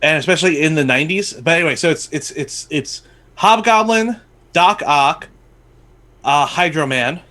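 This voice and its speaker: A man co-hosting a casual live-streamed chat, excitable and rambling, swearing freely. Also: on the high side, normal speed. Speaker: podcast co-host.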